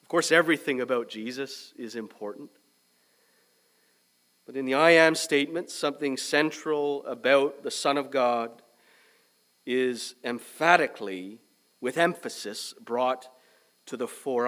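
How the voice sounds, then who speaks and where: A man preaching a sermon as pastor, measured and emphatic, with a young son. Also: medium pitch. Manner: measured preaching, loud emphatic start easing to quieter reflective tone.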